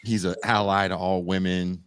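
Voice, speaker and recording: A man's voice: sits low, moderate pace, clear, resonant tone. A man co-hosting a casual political podcast, retelling a comedy sketch with lots of swearing. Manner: animated storytelling, swears often. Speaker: podcast co-host.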